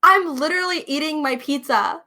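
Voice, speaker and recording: A woman's voice: high-pitched, moderate pace, pushed and bright. A woman playing her character in a tabletop role-play, bantering in a playful, indignant way.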